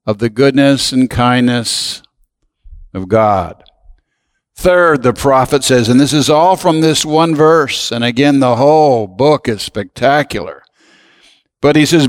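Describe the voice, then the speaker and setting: A man preaching a sermon as pastor, slow and emphatic, asking the congregation to repeat phrases with him. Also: medium pitch, clear, resonant tone, in a large hall.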